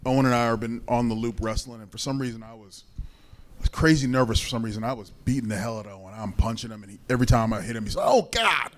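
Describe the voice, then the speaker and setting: A man of ordinary pitch tells a story from the stage of a convention panel. He is animated and acts out the lines of the people in his story. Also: rapid-fire. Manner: animated anecdote teller, acts out quotes. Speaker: panel guest, retired wrestler.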